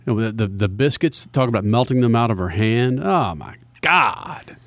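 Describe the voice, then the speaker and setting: A man's voice: mid-range voice, normal speed, no echo. A man hosting a radio show, chatting casually with co-hosts, joking and laughing often. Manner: laughing, animated banter.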